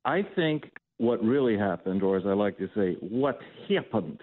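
A man's voice: lowish voice, expressive, normal speed. A man calling in as a talk radio guest, talking in a roundabout way with frequent fillers. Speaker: phone-in guest. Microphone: telephone. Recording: tinny phone line.

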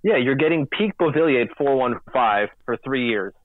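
A man co-hosting a casual sports podcast, chatty and animated, acting out quotes in silly voices. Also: medium pitch, normal speed, dry recording. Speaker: podcast co-host. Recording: tinny phone-like line.

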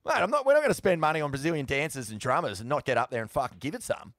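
A man's voice: on the high side, sing-song, racing, fairly bright tone, no echo, studio quality. An Australian man co-hosting a podcast, telling stories in a laid-back, sweary way. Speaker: podcast co-host. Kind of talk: casual chat.

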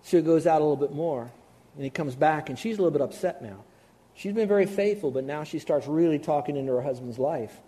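A male pastor delivering a lively sermon, emphatic and direct with his listeners. His voice sits a little high, with a mellow, soft-edged tone. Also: fast. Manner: animated, emphatic, talks straight to the listeners.

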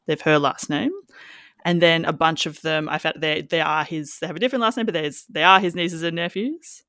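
A woman's voice: low voice, brisk, fairly bright tone, no room sound, clean studio sound. A woman hosting a podcast, chatting casually and acting out quotes as she talks. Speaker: podcast host. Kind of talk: casual chat.

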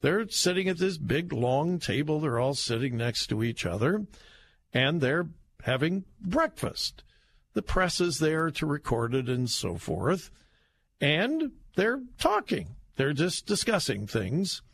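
A man's voice: on the high side, big pitch swings, slow, vocal fry, fairly bright tone, husky. A man hosting a talk show, giving emphatic, conversational political commentary as he reacts to headlines.

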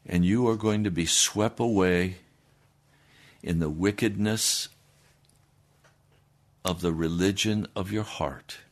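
Slow, dramatic male preacher. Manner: dramatic, swinging between loud declarations and hushed low passages. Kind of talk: sermon.

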